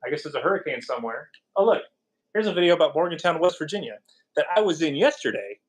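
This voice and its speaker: A man's voice: a little high, very animated, fast talker, husky. A man from California hosting a live stream, chatting casually and jokingly with viewers. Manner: rambling and jokey, reacting to chat. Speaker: podcast host.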